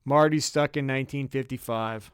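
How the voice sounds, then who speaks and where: A man telling a comedic story on a podcast, profane and animated, with sudden loud bursts. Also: mid-range voice, normal speed, smooth, dry recording, clean studio sound. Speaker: podcast co-host.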